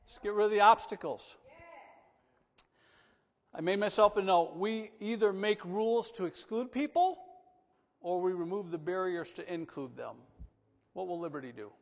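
High-voiced man preaching in an echoing church. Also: normal speed, pauses often. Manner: animated, swinging from loud emphatic preaching to soft coaxing asides. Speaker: pastor. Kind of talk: sermon. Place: church sanctuary. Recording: long reverb of a church hall.

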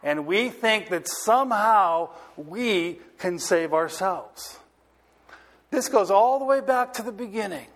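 A male pastor preaching a sermon, stressing key words slowly and often checking whether the audience is listening. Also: high-pitched, lively intonation, a bit bright. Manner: asks the audience if they are listening.

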